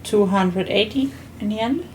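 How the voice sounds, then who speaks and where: A woman's voice: medium pitch, normal speed, a little mellow, a little hiss or hum, rough recording. A woman from eastern Germany with a German accent, chatting casually during a game stream with dry, teasing short remarks. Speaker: co-player. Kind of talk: casual chat while gaming.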